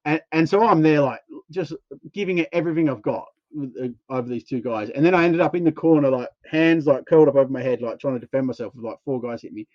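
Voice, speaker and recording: A man's voice: medium pitch, fast talker, dry recording, highs cut off. A man telling a long, rambling anecdote on a casual podcast, acting out what people said. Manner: rambling, animated anecdote with acted-out quotes. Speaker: podcast co-host. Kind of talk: casual storytelling chat.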